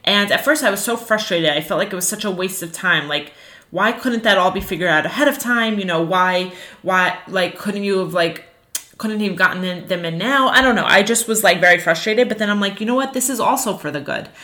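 A woman teaching a class on Jewish ethics, earnest and animated, telling personal stories with frequent fillers. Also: mid-range voice, fairly quick. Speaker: religious teacher.

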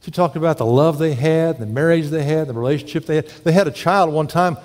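A man's voice: a little high, a little fast, darkish tone. A male pastor preaching a sermon, telling folksy stories and putting questions to the congregation. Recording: long echo of a large hall.

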